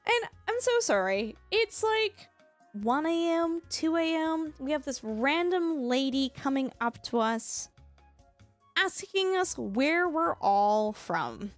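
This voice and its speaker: A young woman, livestreaming and telling a story casually, animated and laughing often. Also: high voice, slow, no room sound, soft background music. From Canada.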